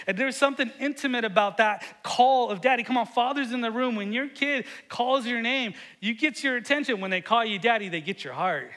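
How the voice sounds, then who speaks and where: A middle-aged man preaching a sermon, earnest and often repeating words, swinging between loud emphasis and hushed moments. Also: very high-pitched, expressive, normal speed. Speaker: pastor.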